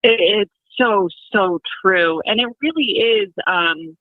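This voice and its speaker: A woman's voice: medium pitch, no echo. Woman on a tinny phone line. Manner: earnest, opinionated, with halting restarts. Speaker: radio show guest. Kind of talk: political talk radio chat. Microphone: telephone.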